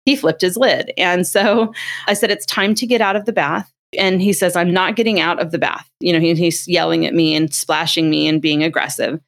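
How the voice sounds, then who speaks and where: Animated middle-aged woman explaining parenting. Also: on the low side, normal speed, creaky. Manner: animated storytelling, acts out quotes. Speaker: guest expert on parenting. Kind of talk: conversational explaining.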